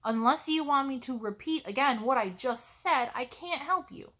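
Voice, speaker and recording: Woman, college instructor, snarky and sarcastic, bright tense voice, somewhat high. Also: animated, moderate pace. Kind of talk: ranting vlog to camera.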